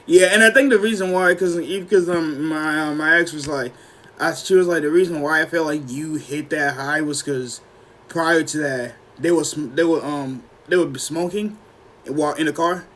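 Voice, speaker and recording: A young man casually telling a story on a podcast, acting out quotes with sudden jumps in his voice and clearing his throat often. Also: normal speed. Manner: animated, acts out quotes with sudden high pitch jumps, frequent throat clearing. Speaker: podcast co-host.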